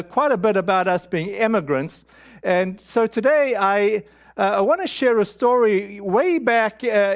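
A man with a high voice preaches a storytelling sermon, halting and candid, full of fillers and restarts. The sound is dull and lo-fi, like an old sermon recording. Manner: candid, self-deprecating.

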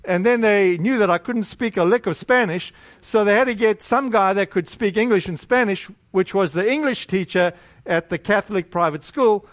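A middle-aged American man preaching a sermon, telling a personal story in a conversational, animated way with many restarts. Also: sits high, moderate pace, no echo.

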